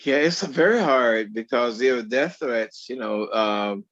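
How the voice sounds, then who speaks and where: Animated male storyteller, bright voice. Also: medium pitch, measured pace, dull audio. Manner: animated storyteller who acts out quoted dialogue. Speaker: actor guest. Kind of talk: storytelling in an interview.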